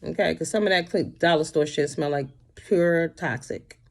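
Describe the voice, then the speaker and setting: A woman speaks in a rough, gravelly tone, pitched slightly low. She rants bluntly and sassily to camera from her home, with profanity running all through her commentary. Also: moderate pace. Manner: blunt, sassy, heavy cursing. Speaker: commentary vlogger.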